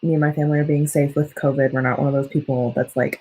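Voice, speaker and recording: Her voice is low, mellow and slightly rough, with little pitch movement and a fast pace, heard through poor audio. She's a young woman from the United States, a student writer hosting a casual livestream, chatting with viewers and reading their comments in a rambling, self-correcting way.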